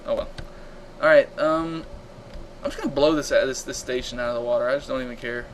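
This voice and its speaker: An excitable man commentates his game on a live stream, yelping at fights and answering chat between them. His voice sits at an ordinary middle pitch. A faint hiss of noise runs under the home desk mic. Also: a little fast, low-quality recording. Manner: excitable, reacting loudly to combat and reading chat aloud. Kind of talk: casual gameplay commentary.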